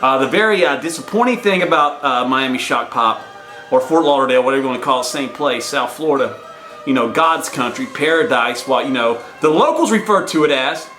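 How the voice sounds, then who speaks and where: A man's voice: medium pitch, lively intonation, fairly quick, pushed and bright, faint music behind. A man vlogging in a brash, boastful, hype-man patter. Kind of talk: casual hype vlog. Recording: echoey room sound.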